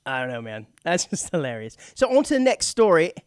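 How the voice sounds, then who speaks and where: A man's voice: on the high side, big pitch swings, a little fast, no room sound, studio quality. A middle-aged man co-hosting a radio show, chatting casually and laughing often. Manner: chatty, laughs often, slips into mock British voices. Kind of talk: casual talk radio banter. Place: radio studio.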